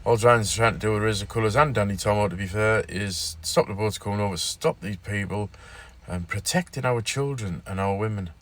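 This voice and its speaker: A man's voice: fairly low pitch, fairly quick, few pauses, a bit bright. A man hosting his own casual news vlog, rambling and repeating himself with fillers as he talks. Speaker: vlogger.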